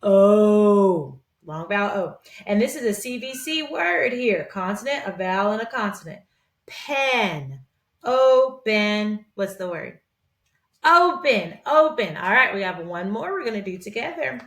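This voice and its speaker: A woman's voice: mid-range voice, expressive, gravelly, a bit bright, distant mic. Encouraging woman teaching phonics, echoey room. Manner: encouraging, sing-song praise with slow stretched sounds. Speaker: reading teacher. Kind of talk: phonics lesson for young children. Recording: roomy echo, speaker away from the mic.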